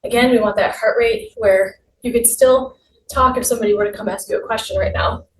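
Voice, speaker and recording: A woman's voice: a little high, steady tone, fairly quick. Upbeat woman leading an exercise class. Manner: upbeat, encouraging cues while exercising. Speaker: fitness instructor. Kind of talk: guided exercise class instruction. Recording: roomy, distant mic with faint noise.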